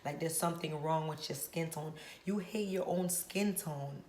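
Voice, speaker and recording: A woman with a fairly low voice vlogs straight to camera, retelling a story from her work as a hairstylist. She talks in an emphatic, preachy way and drives her points home by repeating them. The recording carries a roomy echo. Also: normal speed, a little mellow. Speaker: hairstylist vlogger. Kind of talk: direct-to-camera storytelling vlog.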